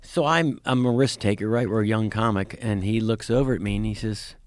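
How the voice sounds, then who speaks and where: A male comedian guest in a casual podcast chat, telling stories excitably with lots of swearing and restarts. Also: lowish voice, brisk. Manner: excitable, profane storytelling with many restarts.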